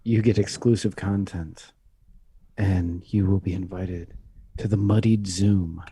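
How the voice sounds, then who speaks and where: Low, dark-voiced deadpan podcast host. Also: male voice, measured pace, breathy edge. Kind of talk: casual podcast chat.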